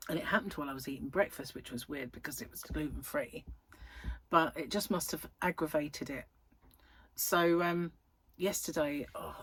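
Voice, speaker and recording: Husky-voiced woman in her thirties, rambling. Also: sits low, dry recording. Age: 30s. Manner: rambling and chatty, with frequent fillers. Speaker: crochet vlogger. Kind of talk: casual chat.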